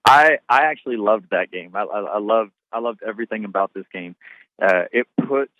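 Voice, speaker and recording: A man giving casual sports radio analysis over the phone. He talks in a halting way and repeats words while he thinks. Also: lowish voice, no room sound. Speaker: basketball analyst. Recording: tinny phone line.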